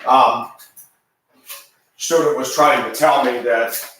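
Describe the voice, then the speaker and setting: A man's voice: medium pitch, steady tone, slow, a bit bright, far from the mic. A man in his fifties giving an emphatic, rambling ranting monologue with frequent restarts. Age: 50s. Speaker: video commentator. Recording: very echoey room, voice off-mic.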